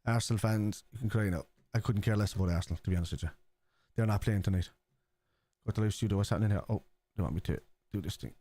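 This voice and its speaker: A man's voice: lowish voice, quick pace, dark tone. A man with a Scouse accent, hosting a football watchalong live stream, reading viewers' chat aloud and answering it in a casual, chatty way.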